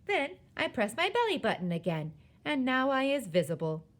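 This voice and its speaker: A woman reading aloud, voicing an excited, boastful young boy who tells his dream in broken grammar. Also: high voice, moderate pace, pitched above the performer's own voice.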